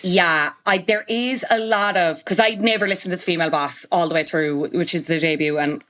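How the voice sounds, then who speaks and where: A woman's voice: fairly low pitch, fairly even intonation, brisk, a bit bright. A woman hosting a podcast, chatty and opinionated, talking in long run-on sentences. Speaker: podcast host. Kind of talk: casual podcast chat.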